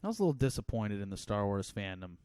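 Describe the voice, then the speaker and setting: A man's voice: lowish voice, sing-song, fast talker, dark tone, smooth, no echo, clean studio sound. A young man co-hosting a podcast in loose, rambling casual chat, laughing often and dropping into silly accents. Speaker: podcast co-host.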